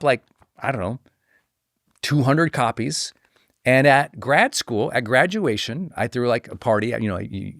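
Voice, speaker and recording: A middle-aged man hosts a podcast and tells a story from his own life. His voice swings widely in pitch as he acts out what other people said to him. It is a dry, close recording with no room sound. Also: no echo. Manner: animated, acts out quoted voices with pitch jumps. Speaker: podcast host. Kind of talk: personal storytelling.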